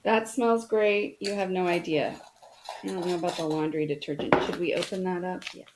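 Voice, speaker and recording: A woman's voice: fairly low pitch, steady tone, normal speed, very noisy. A middle-aged woman hosting a casual unboxing chat, talking enthusiastically to her viewers. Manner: chatty, enthusiastic, talks to viewers. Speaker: host reviewing products.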